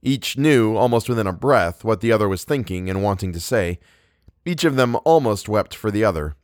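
A man with a low voice reads a novel aloud, measured and unhurried. The recording is dry and close, with no room sound. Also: expressive, a little mellow, no echo. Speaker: narrator. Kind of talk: audiobook reading.

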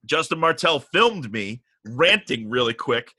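A middle-aged man casually telling a long story on a podcast, animated and profane, getting riled up as he goes. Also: mid-range voice, a little slow, slightly rough, dry recording.

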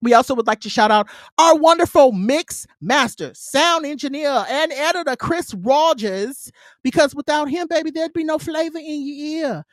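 A woman co-hosting a casual podcast, talking playfully and dramatically, swinging from loud bursts to quiet asides. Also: high voice, moderate pace, no room sound, studio quality. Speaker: podcast co-host.

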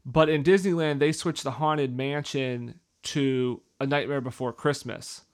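A man's voice: mid-range voice, steady tone, measured pace. A man from the northeastern United States, co-hosting a casual podcast and asking follow-up questions. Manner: conversational, asks follow-up questions. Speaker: podcast co-host. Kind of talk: casual chat.

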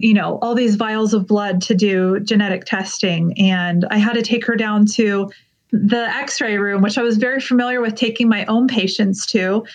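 A woman recounting an emotional personal story as an interview guest, earnest, with quick bursts of speech. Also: mid-range voice, a little mellow. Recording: dull lo-fi sound.

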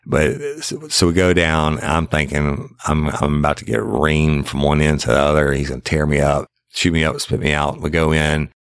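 Very deep, gravelly storyteller man. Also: moderate pace, few pauses, dry recording, clean studio sound. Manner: rambling, repeats himself, tags every quote with "I said". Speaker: podcast host and former investigator. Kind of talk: casual true-crime storytelling.

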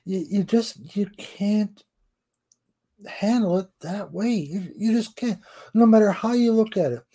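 A man's voice: high-pitched, a little slow, warm tone. A middle-aged man co-hosting a casual wrestling podcast, blunt and emphatic, swearing freely. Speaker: podcast co-host.

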